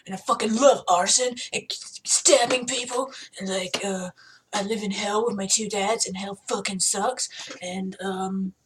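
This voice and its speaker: A woman voicing a savage demon boy from hell in a low, gruff, Batman-like growl. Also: steady tone, measured pace, far from the mic, a little hiss or hum, lightly acted. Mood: brooding.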